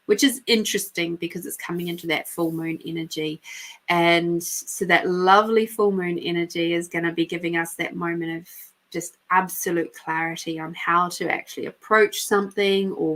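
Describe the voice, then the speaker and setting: A woman's voice: on the low side, a bit bright. A middle-aged woman hosting a live spiritual reading podcast, talking frankly, swearing freely and laughing often. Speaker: intuitive reader and podcast host. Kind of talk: casual spiritual guidance talk.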